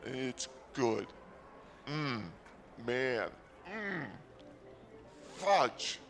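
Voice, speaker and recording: A man's voice: medium pitch, fairly bright tone, a little hiss or hum. Sarcastic rambling man at a casino. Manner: sarcastic, self-mocking, mock-boastful. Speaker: comedy podcast host. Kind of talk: rambling comedic monologue.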